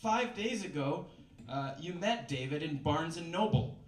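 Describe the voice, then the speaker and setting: A man's voice: on the high side, animated, unhurried, recorded from a distance. A man reading a book aloud at a live comedy reading in a bistro, with wry, self-mocking asides. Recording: echoey room with background noise.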